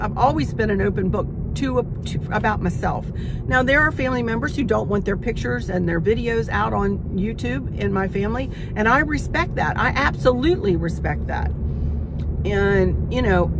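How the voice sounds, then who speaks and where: A woman in her sixties hosting a casual vlog, chatting candidly and emotionally from the driver's seat of a car. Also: medium pitch. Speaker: craft and decor channel host. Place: inside a car. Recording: noisy car interior.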